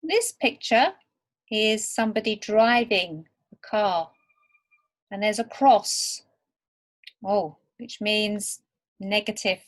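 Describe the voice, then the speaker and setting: Teacher narrating lesson slides, woman, talks super slow and clear, each word on its own. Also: medium pitch. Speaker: English teacher.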